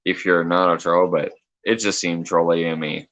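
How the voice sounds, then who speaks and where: A man's voice: sits low, steady tone, moderate pace, a bit bright, lo-fi sound. A man hosting a casual late-night livestream chat, reading comments aloud, laughing often and swearing freely. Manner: loose, joking, swears freely. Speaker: livestream host.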